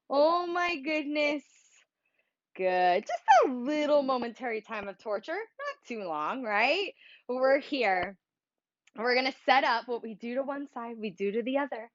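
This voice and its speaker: A Pilates instructor with a high, fairly bright voice leads a workout, cueing breaths and moves in an upbeat, encouraging, playful way. The audio is dull, with no room sound.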